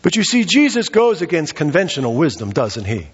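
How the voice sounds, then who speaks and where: Husky male preacher in a reverberant hall. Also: fairly high pitch, big pitch swings, brisk. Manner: storytelling with rhetorical questions to the congregation. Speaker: pastor. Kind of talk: sermon. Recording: reverberant hall, dull muffled sound.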